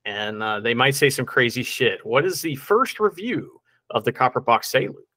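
A man's voice: medium pitch, lively intonation, moderate pace, sharp tone, no echo. A man co-hosting a casual podcast chat, jokey and laughing often, full of ums and uhs. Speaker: podcast co-host.

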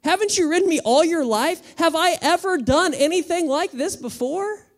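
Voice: very high voice, expressive, normal speed, pitched above the performer's own voice. A preacher voicing a talking donkey that protests its beating, in a raised, plaintive voice. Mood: pleading. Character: talking donkey, wronged and pleading.

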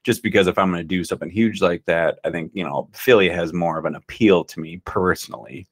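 A man's voice: low voice, a little fast, husky, no room sound. A young man in a casual podcast chat, laid-back and enthusiastic, swearing freely as he tells stories. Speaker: podcast co-host.

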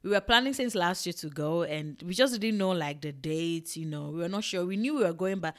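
A young woman from Ghana with a Ghanaian accent telling a personal story in an emotional, expressive way, swinging between hushed and loud. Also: on the low side, a little fast.

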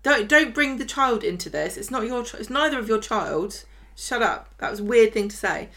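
A woman's voice: fairly high pitch, animated, a bit bright. A woman co-hosting a podcast, recapping a soap opera in casual, sarcastic chat. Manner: chatty, sarcastic, mocks characters in quick asides. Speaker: podcast co-host.

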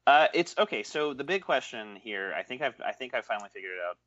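A man co-hosts a casual film podcast, talking fast in a sing-song, fairly bright medium-pitched voice. He's sarcastic and rambling and often repeats himself, and the sound is dull, lo-fi and dry.

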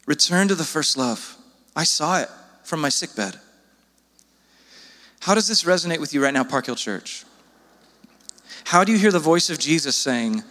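A man preaching a sermon as pastor, earnest and pleading, his voice jumping up in pitch when he presses a point. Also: lively intonation, normal speed, long pauses, bright, forceful tone, long reverb tail.

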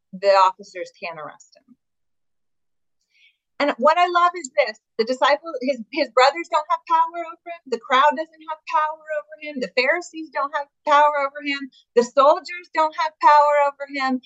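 A woman's voice: high voice, brisk, fairly bright tone, dry recording, dull audio. A woman teaching a Bible study, reading scripture aloud and adding her own enthusiastic comments, with some fillers and restarts.

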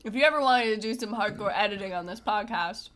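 A woman's voice: mid-range voice, fast, a bit bright. A woman co-hosting a casual podcast, chatting and teasing while she reads ingredient lists aloud. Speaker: podcast co-host. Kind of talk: casual chat.

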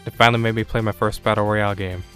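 A man's voice: on the low side, fairly even intonation, racing, fairly bright tone, soft background music. A man hosting a casual podcast, talking in loose run-on sentences and swearing casually. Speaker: podcast host. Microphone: podcast microphone.

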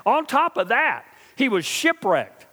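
A middle-aged male pastor preaching a sermon, asking his congregation questions and swinging from quiet, slow intensity to loud, emphatic build-ups. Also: very high voice, wildly swooping pitch, long reverb tail. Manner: preaching with call-and-response asides to the congregation.

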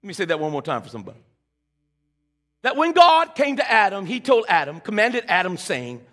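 A man's voice: high-pitched, big pitch swings, brisk, bright, forceful tone. A man preaching a sermon, calling on the congregation to repeat lines and restarting his phrases as he builds a point. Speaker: pastor.

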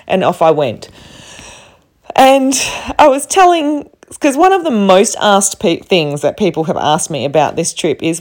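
A woman's voice: lowish voice, sing-song, moderate pace, a little mellow. A woman from Australia with an Australian accent, telling a rambling travel story to camera with many fillers. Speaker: travel vlogger.

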